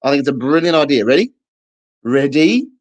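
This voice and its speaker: A man's voice: a little high, expressive, fairly quick, rough recording. A man doing a stand-up comedy set to camera, chatty and playful, acting out little scenes.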